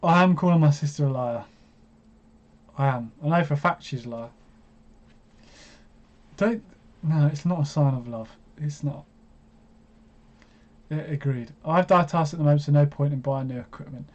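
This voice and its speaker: Man, 25, stream host; casual, self-mocking chatter, slightly high pitch, muffled lo-fi sound. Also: moderate pace, pauses often, a little mellow. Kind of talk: casual live stream chat. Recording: dull lo-fi stream audio.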